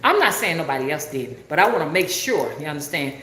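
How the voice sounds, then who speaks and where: Deep-voiced southern lady, alabama drawl, rambly livestream chat, echoey room w some hiss. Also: big pitch swings, fast, a bit bright. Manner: rambling, drawling, asks listeners if they understand. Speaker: spiritual rootworker livestreamer. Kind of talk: casual livestream talk.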